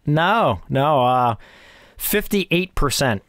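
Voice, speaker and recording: A man with a fairly high voice leads a casual movie podcast, steering the talk from one segment to the next and laughing easily along the way. His voice is close and dry, with no room sound around it. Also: expressive, drawn-out words, fairly bright tone, no room sound. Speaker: podcast host.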